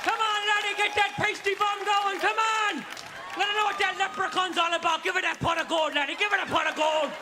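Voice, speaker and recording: Male comic voicing boisterous Irish ghost cheerleaders, shrill and rowdy, live club reverb and audience. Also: fairly even intonation, brisk, over a noisy crowd, very noisy. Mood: rowdy cheering. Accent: put-on Irish. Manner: boisterous, egging on. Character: rowdy Irish ancestor spirits cheering him on.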